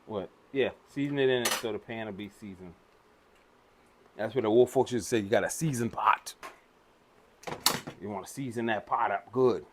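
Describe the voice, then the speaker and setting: A man's voice: lowish voice, normal speed, long pauses. Middle-aged man, easygoing folksy cooking tips, faint background noise. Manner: laid-back, folksy teaching with old sayings. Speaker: home cook, father. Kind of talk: casual cooking instruction.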